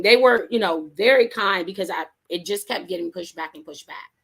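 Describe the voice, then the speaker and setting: In an interview, a woman author narrates her story in an easygoing, vivid way, performing the voices of those she quotes and laughing often. She has a mid-range voice and talks at a normal speed.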